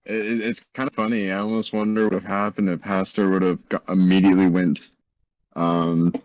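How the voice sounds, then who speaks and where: A man playing a tabletop game online, chatting in a relaxed and rambling way with a few hesitations. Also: low voice, fairly quick, no echo, muffled recording. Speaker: player. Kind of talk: casual tabletop game chat.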